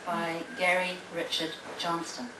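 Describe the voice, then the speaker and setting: A woman, acting as competition judge, announces the winning poems. She speaks deliberately, with pauses and fillers. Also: fairly low pitch, completely flat delivery. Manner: deliberate, pausing, with many fillers. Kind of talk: prize announcement at a public event. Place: library hall at a public event. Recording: echoey hall, distant mic, audible noise.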